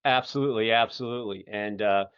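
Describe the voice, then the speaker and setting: Rambling folksy Philly man, low voice. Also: fast, clear, resonant tone, no room sound. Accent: Philadelphia. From Philadelphia area, USA. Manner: rambling, many fillers, folksy. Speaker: podcast host. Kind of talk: casual interview chat. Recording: muffled lo-fi audio.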